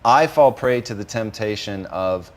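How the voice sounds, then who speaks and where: A man's voice: on the low side, animated, a little slow. A man hosting an interview who talks in a reflective way, thinking aloud and telling a personal story. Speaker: host and company owner. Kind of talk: conversational interview.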